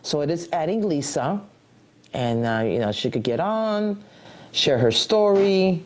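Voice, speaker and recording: A middle-aged woman and grandmother hosting a casual live video chat from her computer, talking in a chatty, warm-hearted way with many fillers and restarts. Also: sits low, big pitch swings, measured pace. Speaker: host. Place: home, at a computer. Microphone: computer mic on a live video call.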